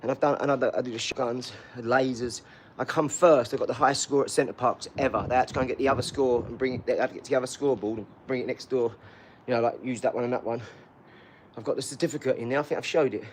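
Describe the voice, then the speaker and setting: A man's voice: mid-range voice, steady tone, quick pace, a little hiss or hum. A man chatting on a live stream from his garage gym, talkative and boastful, full of enthusiasm and rambling asides. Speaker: fitness streamer.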